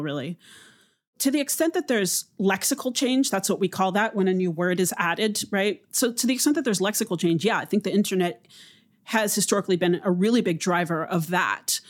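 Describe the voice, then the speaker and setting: Measured academic woman explaining. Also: fairly low pitch. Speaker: linguist guest. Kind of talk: explanatory interview answers.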